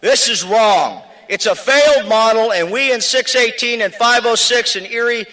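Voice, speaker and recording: A man speaking for his union at an outdoor rally, shouting emphatic lists of demands. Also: extremely high pitch, normal speed, poor audio.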